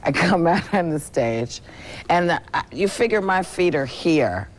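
A woman hosting a talk show, chatty and quick to agree as she interviews a guest. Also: lowish voice, lively intonation. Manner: chatty, frequent brief agreements. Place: television studio.

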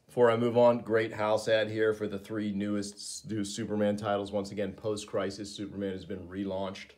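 Male comics reviewer, casual and eager, lower voice. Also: flat delivery, moderate pace, a little mellow. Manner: enthusiastic, with frequent fillers.

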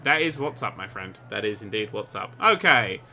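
A man commentating over a video game he is playing, excitable and sarcastic, swearing often. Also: on the low side, moderate pace. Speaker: gaming commentator. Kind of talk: let's play commentary.

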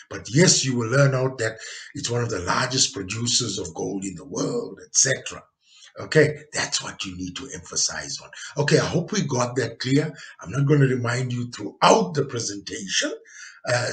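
A man teaching a geography lesson over slides. He checks in often with "okay" and "all right" and pushes key words out loudly. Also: medium pitch. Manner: stresses key words with sudden loud pushes.

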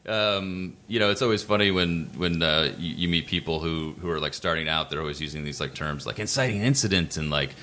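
A man's voice: low voice, brisk, few pauses, pushed and bright, slight background noise. A man being interviewed about screenwriting on a podcast, talking casually with lots of fillers and restarts, chewing ice. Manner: rambling, many fillers and restarts, acts out quoted voices. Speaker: screenwriter guest.

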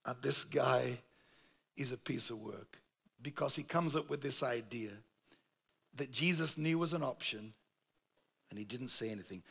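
A man's voice: mid-range voice, a little slow, vocal fry, pauses often, sharp tone, slightly rough. A man with a Yorkshire accent preaching a sermon, telling a story with emphatic, humorous delivery. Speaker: pastor.

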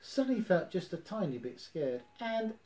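A man reading a children's story aloud in a lively, expressive way. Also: on the high side, brisk. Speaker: narrator.

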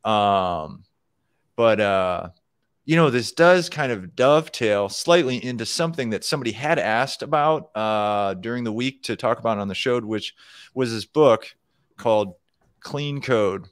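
A man's voice: on the low side, lively intonation, a little slow, smooth, dry recording, studio quality. A man co-hosting a casual live show about programming, talking loosely with many fillers and restarts. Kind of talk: casual live-stream chat.

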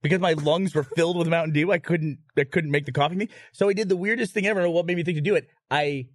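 A man hosting a podcast, telling a story in a casual, animated way, swearing and laughing through it. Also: a little high, quick pace, no echo, studio quality.

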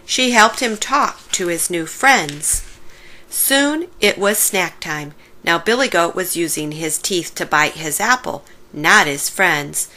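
A woman reading a children's picture book aloud, slowly and expressively. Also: on the low side. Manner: slow, warm-paced expressive reading. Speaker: storybook reader. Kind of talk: children's story read-aloud.

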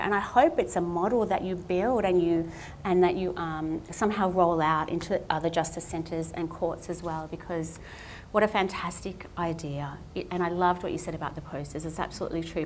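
A woman speaks to an audience about her own art. Her delivery is candid and self-deprecating, in a fairly low voice. Faint background hiss sits under the recording. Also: a little mellow. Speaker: guest artist speaker. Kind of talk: public talk with slides. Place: talk venue at a justice centre.

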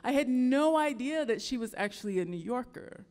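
A woman musician telling a story on stage to an audience in an earnest, reflective, halting way. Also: on the high side, animated, a little mellow. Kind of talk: live storytelling talk. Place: stage in a large hall before an audience. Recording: long hall reverb, live venue.

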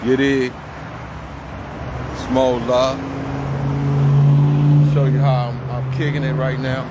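Filming on a handheld phone by a busy street corner, a man talks in heavy street slang as his casual walking vlog turns into a heated, profane rant. His voice is medium-pitched, flat, and slow, with heavy background noise.

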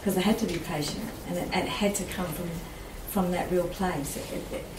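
A woman's voice: lowish voice, normal speed. A woman taking part in a gathering, sharing something personal in a frank and wry way and laughing at herself. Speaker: participant at a gathering. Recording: distant, echoey, noisy room.

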